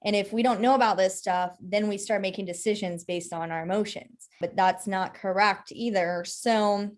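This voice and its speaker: A woman's voice: mid-range voice, steady tone, moderate pace. Chatty woman explaining human design. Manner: explanatory, checks in with "right?" often. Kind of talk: casual teaching chat.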